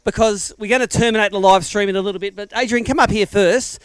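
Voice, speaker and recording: An Australian man emceeing a live weigh-in, talking quickly in a fairly high register. His voice comes through smooth and clear, and his banter with the anglers is energetic and matey. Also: dry recording. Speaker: tournament emcee. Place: outdoors at a lakeside weigh-in.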